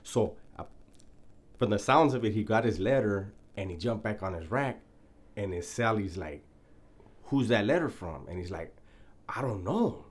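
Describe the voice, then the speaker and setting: A man's voice: lowish voice, lively intonation, normal speed, long pauses, slightly rough. A man telling a prison story in a laid-back, profane, casual way, often breaking into laughter.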